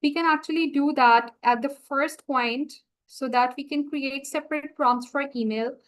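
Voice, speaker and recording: A woman walking viewers through a software setup on a screen-share tutorial, talking through each click as she goes. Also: high voice, fairly even intonation, poor audio. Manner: slow, explanatory, talks through each click. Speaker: software trainer.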